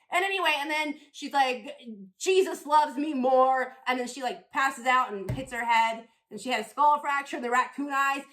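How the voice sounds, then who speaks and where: High bright profane female comic. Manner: rambling, profane, provocative. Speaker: comedian and podcast host. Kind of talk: crude stand-up rant.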